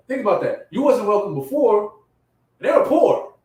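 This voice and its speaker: A man's voice: sits high, very animated, a little slow, distant mic. Impassioned preacher man, echoey room. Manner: impassioned, rising to loud emphatic peaks; casual street slang. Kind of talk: sermon.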